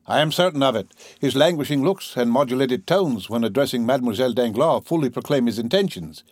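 Chatty young viscount, read by a guy, animated and gossipy, dry close audiobook sound. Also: mid-range voice, brisk, no room sound, close to an everyday voice. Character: young male French viscount, lively and gossipy. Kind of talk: audiobook character voice.

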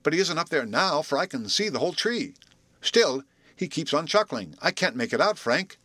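A man doing an excitable young chum. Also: fairly high pitch, moderate pace, dry recording, voice pushed up, exaggerated voice. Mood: puzzled. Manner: excitable, exclaiming.

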